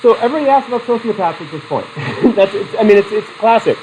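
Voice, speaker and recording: A middle-aged man teaches a psychology class, lecturing in an animated way, asking students questions and sharing personal anecdotes. His voice sits high and moves at a quick pace. The recording is low quality, with slight background noise.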